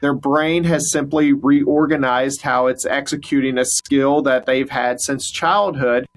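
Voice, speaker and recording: A man's voice: medium pitch, steady tone, measured pace, poor audio. A man who is a doctor hosting a health talk show, explaining a medical topic with frequent fillers.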